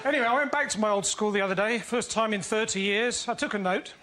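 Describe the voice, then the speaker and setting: A male comedian delivering deadpan stand-up one-liners, with punchlines after short pauses, on a TV panel show. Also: sits high. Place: TV studio with a live audience. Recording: noisy TV studio recording.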